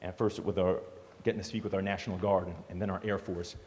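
A man giving a storytelling speech to an audience as a motivational speaker, animated and joking. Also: low-pitched, fast talker, a little hiss or hum. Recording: long hall reverb.

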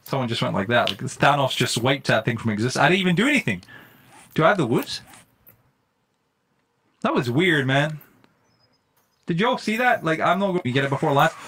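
Excitable young man streaming a game. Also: mid-range voice, a little fast, pauses often, husky. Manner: excitable, slangy, loud exclamations. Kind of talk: live-stream gaming commentary. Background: faint music.

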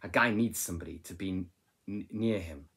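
A lonely, bitter stable hand pleads for company, as a man reads him aloud. The voice sits low and sounds husky, with plain storybook reading rather than full acting. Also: normal speed, fairly bright tone. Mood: pleading.

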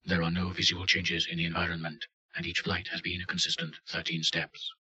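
A man giving deadpan scripted narration of a report. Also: low voice, brisk, dull audio.

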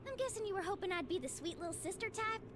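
Game role: a high, bouncy Southern idol girl with a folksy twang. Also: animated, fast talker. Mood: candid. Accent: Southern US (acted). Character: young woman idol with a rural twang. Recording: game audio over music.

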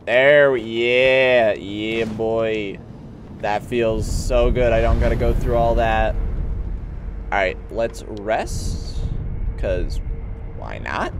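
A man streaming a video game, commenting live, excitable, talking to the enemies he fights and bursting into exclamations. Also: mid-range voice, slow pace, pauses often, noisy background. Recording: game music loud under the voice. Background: game music.

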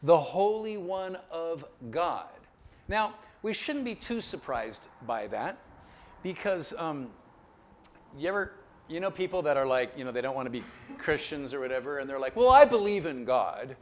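A man teaches a Bible lecture with a somewhat high voice that rises and falls a great deal. He keeps checking that listeners follow him and drops in chuckling asides. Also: expressive, unhurried, a little hiss or hum.

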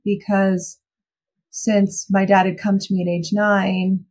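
A woman's voice: medium pitch, level tone, unhurried, darkish tone, breathy edge. A young adult woman giving a candid, reflective personal account as a guest in a podcast interview.

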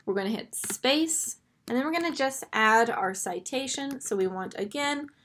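A woman's voice: high voice, expressive, normal speed, a bit bright, a little hiss or hum. A woman teaching a grammar lesson, patiently walking through each step over a screen recording.

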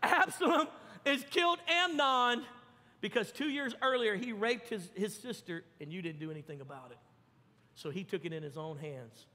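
A man preaching a sermon, telling the story with lively acted-out voices. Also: high-pitched, normal speed, long reverb tail. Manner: animated storytelling, acts out voices. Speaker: pastor. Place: church.

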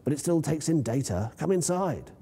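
A frail, obsessive scientist, as a man reading aloud puts him on, eager and rambling. The voice is husky and mellow, with a long echo around it. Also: on the high side, sing-song, moderate pace, voice pushed up, full character voice. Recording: long reverb in a lecture hall.

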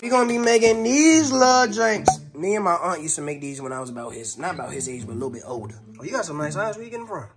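A woman's voice: fairly low pitch, animated, quick pace, hardly any pauses, over music. A woman talking in a casual home vlog, slangy, joking and rambling. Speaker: vlogger.

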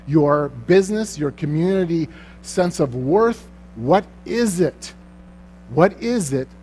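A man's voice: a little high, dark tone, a little hiss or hum. Earnest man giving a church conference talk. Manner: earnest, presses rhetorical questions. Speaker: conference speaker. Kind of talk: Christian conference talk and closing prayer.

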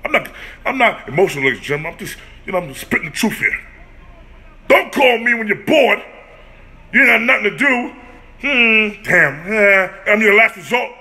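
A man's voice: high voice, sing-song, moderate pace, pushed and bright. A man hosting his own comedic vlog, ranting in a brash, profane, boastful way. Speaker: host.

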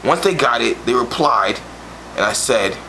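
A man's voice: medium pitch, lively intonation, normal speed, creaky, pushed and bright. A man delivering a crude comedic monologue in boastful, swaggering street talk, over a noisy amateur recording. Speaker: comedic storyteller.

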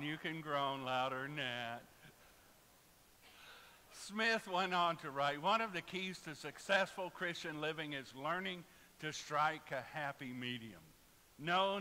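Bright-voiced preacher in a reverberant church. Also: male voice, a little high, measured pace. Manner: storytelling with jokes and asides to the congregation. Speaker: pastor. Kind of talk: sermon. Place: church sanctuary. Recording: reverberant church hall with faint hiss.

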